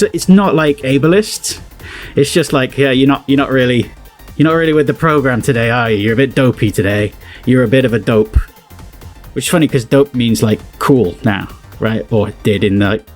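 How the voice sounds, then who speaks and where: A man with a West Country accent talks through a casual reaction commentary, rambling and circling back with plenty of fillers. His voice sits in an ordinary middle pitch. Faint music hums in the background. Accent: West Country English. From southwest England. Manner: rambling, chatty explaining with many fillers. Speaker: video commentator.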